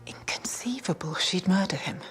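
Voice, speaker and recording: An actress playing a quiet, guarded young woman with a troubled family past, speaking softly and hesitantly, often half-whispering. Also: on the low side, lively intonation, normal speed, over music, close to an everyday voice.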